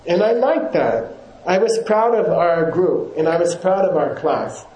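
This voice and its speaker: A man's voice: high voice, lively intonation, unhurried, a little mellow, reverberant, rough recording. A man, a yoga teacher, giving a casual rambling talk to his class, often chuckling and correcting himself.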